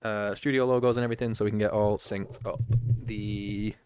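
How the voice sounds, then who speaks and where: A man's voice: lowish voice, flat delivery, brisk, a little mellow, clean tone, no room sound, studio quality. A man co-hosting a podcast, chatting casually with jokes and frequent laughs. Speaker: podcast co-host. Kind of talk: casual commentary chat.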